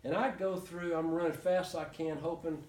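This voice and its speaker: A man's voice: a little high, fairly even intonation, brisk, a little mellow. A man telling a story to a small group, rambling with many restarts and chuckles. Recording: echoey room, mic from far off.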